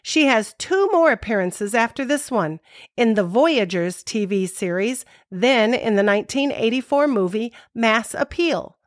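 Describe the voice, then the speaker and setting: Brief: measured woman co-host narrating scenes, slightly high voice, dry close sound. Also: expressive, no room sound. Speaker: podcast co-host.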